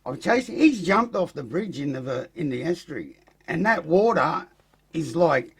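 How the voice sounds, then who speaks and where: A man with an Australian accent, a podcast guest telling an animated story full of swearing and acted-out quotes. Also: on the high side, moderate pace, husky. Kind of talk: casual storytelling.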